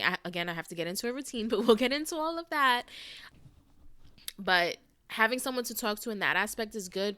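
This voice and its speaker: A woman's voice: mid-range voice, bright, forceful tone, clear, resonant tone, dry recording. A young woman hosting her own podcast, talking candidly and casually, swearing now and then and getting teary. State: tearful, emotional. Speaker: podcast host. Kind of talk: casual solo podcast monologue.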